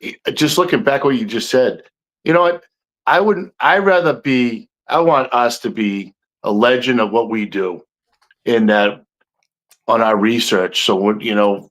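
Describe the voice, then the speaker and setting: A man's voice: mid-range voice, a bit bright, poor audio. A man co-hosting a podcast in casual chat, talking earnestly with rambling restarts. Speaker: podcast co-host.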